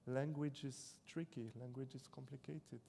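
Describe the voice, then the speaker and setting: A young French man whose first language is French talks in English with a mellow, darker tone, reflective and halting, often circling back to restart a sentence. His voice carries the long reverb of a large hall. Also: medium pitch, steady tone, creaky, a little hiss or hum. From France. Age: 20s. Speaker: author being interviewed. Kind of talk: live stage interview. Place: debate hall on stage.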